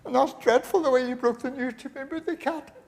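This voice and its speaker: Shrill reproachful wife, as a comedian puts her on, high voice. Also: quick pace, a little mellow. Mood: scolding. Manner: complaining, reproachful. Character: upset grieving wife, shrill and scolding.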